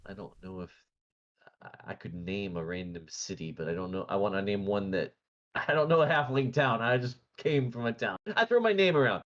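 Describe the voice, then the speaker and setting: A man's voice: low-pitched, normal speed, a bit bright. A man playing a tabletop game, rambling and hesitant, with lots of fillers. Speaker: player. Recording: dull lo-fi mic.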